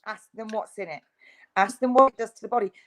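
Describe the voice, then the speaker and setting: A woman's voice: fairly high pitch, fast, low-quality recording. Insistent woman, emphatic. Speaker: interview guest. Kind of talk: video interview.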